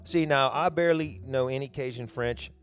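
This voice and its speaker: A man's voice: medium pitch, moderate pace, a bit bright, soft background music. A middle-aged man with a Southern US accent, hosting a podcast in a rambling, chatty, self-deprecating monologue. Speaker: podcast host.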